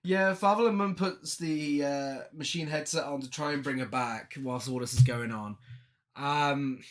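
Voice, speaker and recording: A man's voice: mid-range voice, a little slow. A man co-hosting a podcast, recapping a film scene by scene in casual chat, swearing freely and laughing often. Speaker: podcast co-host.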